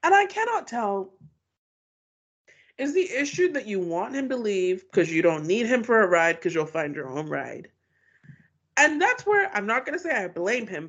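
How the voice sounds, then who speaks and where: A woman's voice: fairly high pitch, slightly rough, highs cut off. A woman co-hosting a podcast in casual chat, talking in an exasperated way and searching for words. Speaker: podcast co-host.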